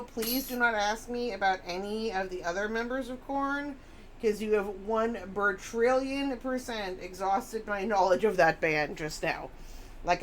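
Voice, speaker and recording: A woman's voice: medium pitch, a little hiss or hum. A woman chatting casually on a live stream, rambling and reading chat messages aloud.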